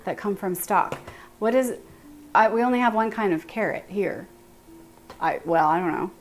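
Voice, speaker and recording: A woman's voice: mid-range voice, moderate pace, soft background music. A woman with a Texan accent hosting a casual baking livestream, chatting and thinking aloud as she greets her viewers by name in her home kitchen.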